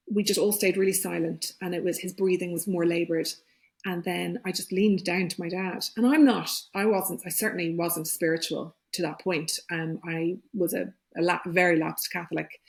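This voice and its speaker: A middle-aged woman, a podcast guest, telling a personal story in a reflective way, often pausing and restarting as she searches for words. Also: lowish voice.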